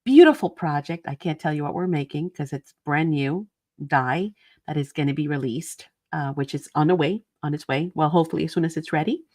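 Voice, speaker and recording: A woman hosting a craft channel, telling stories to her viewers in a casual, animated way from her studio, often dissolving into laughter. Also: deep voice, brisk. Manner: animated and giggly, breaks into laughter. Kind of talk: casual chatty storytelling to viewers. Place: indoor art studio.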